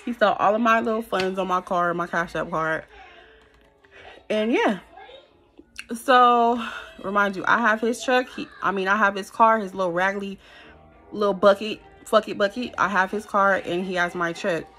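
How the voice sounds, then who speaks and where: A woman telling a storytime to her viewers, animated and blunt, swearing freely, sitting close to the camera at home. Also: medium pitch, moderate pace, soft background music. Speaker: storytime vlogger. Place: at home in front of a ring light. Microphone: camera held close.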